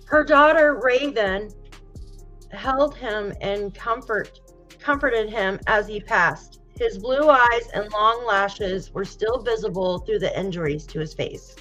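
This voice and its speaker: A woman's voice: mid-range voice, takes it slowly, soft background music, poor audio. A woman hosting a true crime live stream, talking casually and emotionally with sympathy while reading viewer comments. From United States. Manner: emotional, sympathetic, softly exclaiming. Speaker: true crime show host.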